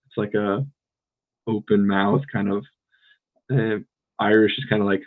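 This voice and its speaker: A man's voice: on the low side, normal speed, long pauses. American man on a tinny line. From United States. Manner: relaxed, rambling, lots of fillers and restarts. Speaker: podcast co-host. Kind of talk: casual conversational chat.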